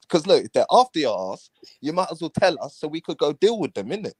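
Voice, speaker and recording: A man's voice: a little high, big pitch swings, fast talker, a little mellow, breathy edge, dry recording. A man hosting a casual live talk stream, laid-back and slangy, often mocking others by acting out what they say. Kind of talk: casual chat.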